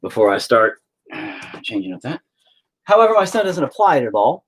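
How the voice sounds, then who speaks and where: A man's voice: medium pitch, sing-song, moderate pace, breathy edge. A middle-aged man chatting casually on a live stream, joking and teasing as a father.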